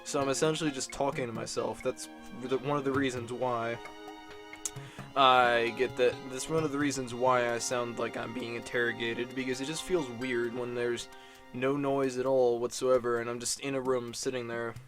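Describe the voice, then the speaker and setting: Young man from Illinois, casual vlog Q&A, rambling and profane, mid pitch, music underneath. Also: flat delivery, normal speed. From Illinois, USA. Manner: rambling, profane, self-deprecating, lots of fillers. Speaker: YouTuber answering viewer questions. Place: dark room, alone.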